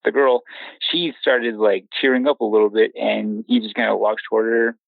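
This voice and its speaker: A young man tells his own story in a rambling, halting way, full of restarts and nervous laughs. His voice sits low and gravelly. He comes through a tinny phone line with a dry, close sound. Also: level tone, dry recording. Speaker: caller telling his own encounter story. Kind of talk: casual storytelling.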